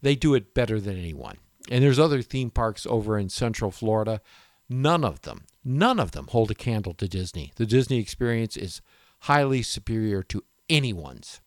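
A man's voice: fairly low pitch, normal speed, no echo, clean studio sound. A man hosting a home and garden radio show, telling a rambling personal story in a casual way and often breaking off mid-sentence. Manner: animated, rambling, self-interrupting storyteller.

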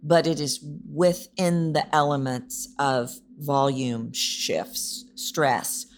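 Low-voiced woman coaching on vocal delivery. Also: steady tone, takes it slowly, slight background noise. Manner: emphatic, repetitive, demonstrates vocal delivery. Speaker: podcast host, voice coach. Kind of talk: solo podcast teaching.

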